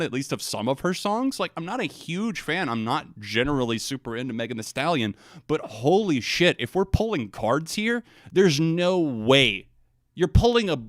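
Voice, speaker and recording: A man's voice: fairly high pitch, fairly bright tone, no room sound, clean studio sound. A man streaming live music reactions, tipsy from drinking, sarcastic and profane with theatrical outrage.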